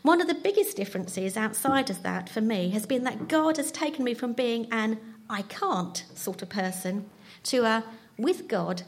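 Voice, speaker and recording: A woman, giving a chatty, self-deprecating personal testimony at church. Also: a little high. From London. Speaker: church speaker.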